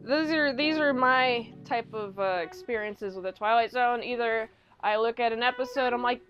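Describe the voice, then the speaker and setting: A woman's voice: fairly high pitch, moderate pace, dull audio, faint music behind. A woman casually recapping a TV episode as a reviewer, chatty and rambling with slangy asides. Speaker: show reviewer.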